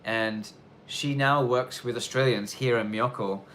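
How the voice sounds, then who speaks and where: A man's voice: medium pitch, fairly even intonation, measured pace, fairly bright tone, a little hiss or hum. A man hosting a live question-and-answer stream, chatting loosely with lots of fillers and restarts. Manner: loose, rambling, many fillers. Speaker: livestream host. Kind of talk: casual live Q&A chat. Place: snowy countryside in Japan.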